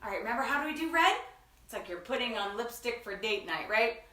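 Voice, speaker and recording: A woman's voice: on the high side, expressive, fast, bright, forceful tone, roomy sound, distant mic. A woman hosting a children's story time, talking to kids in a sing-song, enthusiastic teacher way. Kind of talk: children's read-aloud lesson.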